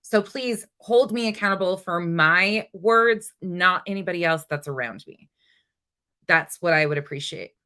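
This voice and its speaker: A woman's voice: fairly low pitch, measured pace, sharp tone. A woman hosting a casual livestream, talking bluntly and with exasperation, swearing freely and chatting with her viewers. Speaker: livestream host.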